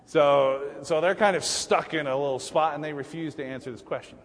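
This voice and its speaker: A male pastor preaching a sermon in a relaxed, humorous, conversational way, often restarting his sentences. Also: on the high side, brisk, in a large hall. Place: church sanctuary.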